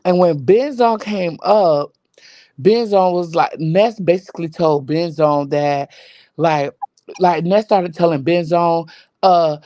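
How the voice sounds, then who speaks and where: A woman joining a casual online talk show, retelling a livestream feud in an animated storytelling way. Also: fairly low pitch, takes it slowly, dry recording. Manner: animated storytelling, quoting others. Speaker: co-host filling in on the story. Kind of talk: casual gossip recap.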